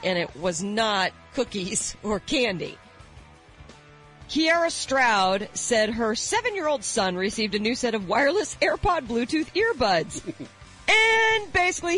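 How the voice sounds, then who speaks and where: A woman co-hosting a radio show, telling stories in casual banter with animated exclamations. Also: on the high side. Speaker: radio co-host.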